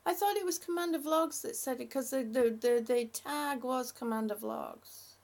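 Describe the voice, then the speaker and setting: A woman hosting a livestream, chatting haltingly and affectionately with her viewers, often restarting her sentences. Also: sits high, creaky, a little mellow. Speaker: livestream host. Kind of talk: casual livestream chat with viewers.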